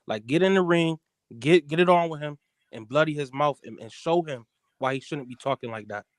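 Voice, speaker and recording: A man's voice: on the high side, a little fast, dry recording. A man calling in to a live show, talking heatedly and asking "you feel me". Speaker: caller. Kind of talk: heated call-in chat.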